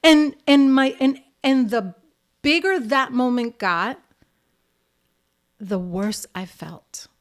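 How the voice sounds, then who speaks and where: Animated middle-aged woman telling her story. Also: sits high, slow pace, pauses often. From United States. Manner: animated storyteller acting out quotes, swings between loud and soft. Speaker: singer and actress guest. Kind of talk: storytelling in a podcast interview.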